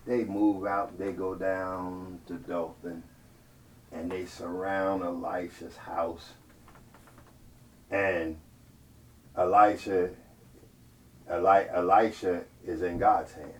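A male preacher telling a story in a sermon, animated and playful, calling out to the congregation and building to loud peaks. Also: sits low, takes it slowly, long pauses. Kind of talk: storytelling sermon with call-and-response. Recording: distant mic, faint ambient noise.

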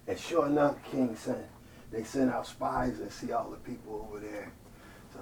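A male preacher telling a story in a sermon, animated and playful, calling out to the congregation and building to loud peaks. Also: mid-range voice, normal speed. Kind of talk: storytelling sermon with call-and-response. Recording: distant mic, faint ambient noise.

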